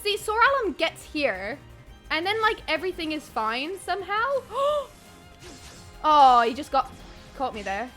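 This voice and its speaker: A very high, animated woman's voice with a crisp, bright edge. She comments on her game live, muttering under her breath one moment and shrieking the next, with soft music under her mic. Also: a little slow. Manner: excitable, swings from muttering to shrieking; chatty, thanks chat viewers by name. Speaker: streamer.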